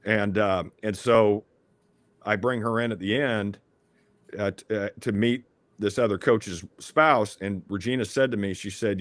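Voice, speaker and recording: A low-voiced man tells a story as a podcast guest, earnest and rambling, often restarting his sentences. The sound is dry and close, with no room around it. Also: steady tone, measured pace, no room sound. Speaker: former athletic director.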